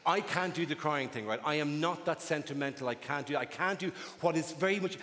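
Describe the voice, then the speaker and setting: A man's voice: a little high, brisk, a bit bright. A middle-aged Irish man doing a stand-up comedy set, wry and cynical, telling stories and slipping into voices. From Ireland. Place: large theatre with audience. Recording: live theatre with long reverb and audience.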